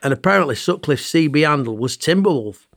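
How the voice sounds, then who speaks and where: A man's voice: on the high side, lively intonation, a little fast, fairly bright tone, no room sound. A middle-aged man with a Bolton accent, reading his own memoir aloud in a dry, chatty storytelling manner with northern turns of phrase. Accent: Bolton, Lancashire. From England. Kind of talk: audiobook narration.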